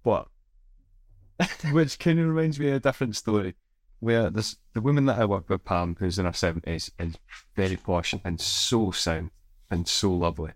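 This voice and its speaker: A man co-hosting a podcast, telling a wry story in a relaxed, casual way. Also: on the low side, normal speed, no room sound, clean studio sound. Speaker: podcast co-host. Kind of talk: casual chat.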